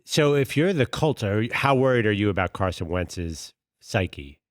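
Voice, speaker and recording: A man's voice: lowish voice, very animated, a little slow, dry recording, studio quality. Questioning, contrarian male co-host. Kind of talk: casual sports talk.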